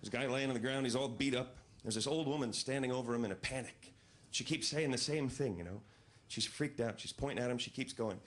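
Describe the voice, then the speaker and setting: A male stand-up comedian telling stories in a deadpan, incredulous way on a club stage into a handheld mic. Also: mid-range voice, fast talker, few pauses, some chatter behind. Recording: loud audience noise, live club.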